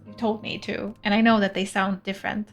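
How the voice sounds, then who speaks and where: This streamer is a young woman from Sweden, a native Swedish speaker, who chats and giggles casually while gaming and reads on-screen text aloud. She speaks a little fast at a medium pitch, with a flat delivery. There's faint music behind her.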